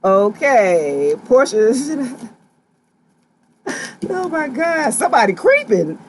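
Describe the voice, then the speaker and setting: Sassy, lively tarot-reading woman. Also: high-pitched, slow, a little hiss or hum. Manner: sassy, direct, slangy, animated. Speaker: tarot reader. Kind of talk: live tarot reading to viewers.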